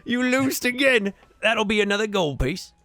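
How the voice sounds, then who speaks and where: A man's voice: sits high, lively intonation, normal speed, bright, forceful tone, dry recording, voice pushed up. A man putting on a brash female arm-wrestler. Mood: boastful. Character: boastful female arm-wrestling bar regular.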